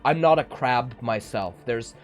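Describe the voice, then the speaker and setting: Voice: mid-range voice, unhurried, soft background music. A streamer chatting casually on a live stream, joking and laughing often between lines. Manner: joking, laughs often, mock-tearful bits.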